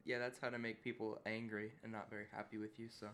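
A man's voice: fairly low pitch, level tone, fast, fairly bright tone. A man co-hosting a casual recap chat, laughing often and giving short agreeing replies. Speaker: podcast co-host.

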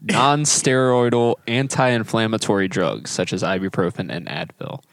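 A man co-hosting a podcast in casual chat, measured and cautious, chuckling now and then. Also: lowish voice, no echo, studio quality. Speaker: podcast co-host.

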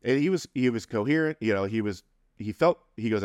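A man's voice: medium pitch, animated, a little fast, darkish tone, dry recording, clean studio sound. A middle-aged man telling a personal story in a conversational, humorous way, laughing between phrases. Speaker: interview guest.

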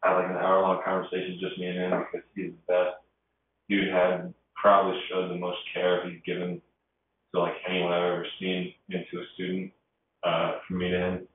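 Low-voiced young man, rambling casual chat. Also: normal speed, a little hiss or hum. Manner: rambling, animated storytelling with lots of fillers. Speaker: podcast co-host. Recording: distant, echoey, phone-quality recording.

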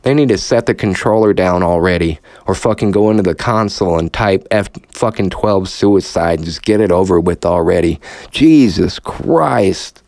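A man's voice: low voice, fairly quick, hardly any pauses, darkish tone, no room sound. A man hosting a podcast, ranting sarcastically with heavy swearing and audible frustration. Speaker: podcast host. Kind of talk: profane rant.

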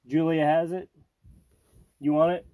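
A man's voice: fairly high pitch, flat delivery, unhurried, phone-quality sound, slight background noise. A middle-aged man hosting a casual family podcast with his child, joking and rambling. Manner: joking, rambling, silly asides. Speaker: podcast host and father.

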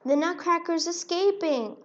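A woman voicing a frightened male mouse guard in a storybook, squeaky and panicky. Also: sing-song, drawn-out words, dark tone, full character voice. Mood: panicked. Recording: dull lo-fi recording.

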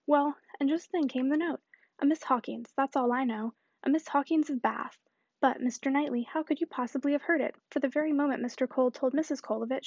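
A woman's voice: high-pitched, darkish tone, no room sound, lo-fi sound. A woman reading the part of a talkative spinster, effusive and rambling on in run-on chatter. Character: talkative middle-aged spinster, breathless and effusive.

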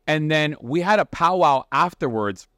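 Profane, animated man, fairly high voice. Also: moderate pace, smooth, no room sound, studio quality. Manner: profane, animated, restarts often, acts out quotes. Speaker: podcast host and chef. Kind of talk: casual storytelling chat. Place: restaurant kitchen.

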